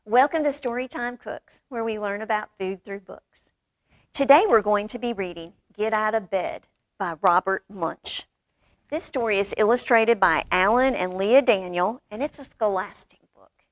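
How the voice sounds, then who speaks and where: A woman reading a children's picture book aloud at a library storytime, lively and expressive with character voices. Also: mid-range voice, normal speed, no room sound, clean studio sound. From United States.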